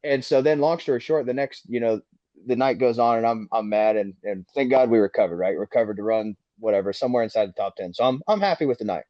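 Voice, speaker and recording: In a dry, echo-free room, a race car driver guest on a podcast speaks fast in a medium-pitched, mellow voice that sounds dull and lo-fi. He tells the host a long story laced with swearing, performing the heated quotes as he goes.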